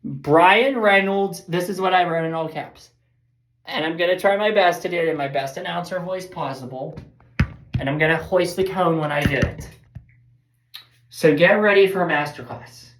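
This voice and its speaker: A woman's voice: fairly low pitch, moderate pace. A woman giving a casual, rambling, fired-up baseball recap as host of a fan show. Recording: echoey room.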